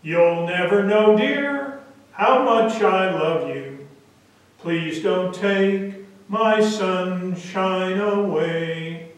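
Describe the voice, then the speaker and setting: A man singing softly and slowly as a three-year-old boy sings to his baby sister, recorded with strong echo from across a church. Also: high voice. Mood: tender. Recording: echoey church from a distance.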